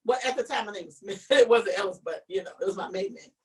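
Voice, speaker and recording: A woman co-hosting a casual live-stream chat, telling a story in an animated way, with many restarts and repeated words. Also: mid-range voice, quick pace, hardly any pauses, distant mic, rough recording. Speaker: show co-host.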